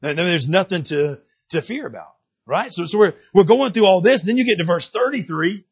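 A man preaching a sermon in a conversational, animated way, often restarting his words. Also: sits high, fairly quick, husky, lo-fi sound. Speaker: pastor.

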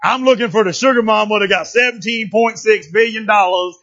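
A man preaching a sermon, animated and playful, acting out characters and rising to shouts. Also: sits high, brisk, highs cut off. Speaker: pastor.

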